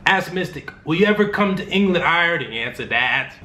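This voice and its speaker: A man's voice: fairly high pitch, expressive, a little fast, bright, forceful tone, a little hiss or hum. A young man answering fan questions in a casual vlog, joking and rambling in loose, slangy talk. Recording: roomy room with faint ambience.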